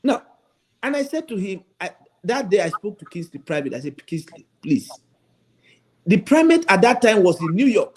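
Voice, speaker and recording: A man's voice: high voice, very animated, moderate pace, a little mellow, low-quality recording. A man, a bishop and guest on a talk show, telling his story in an emphatic, pleading way. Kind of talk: radio talk show interview.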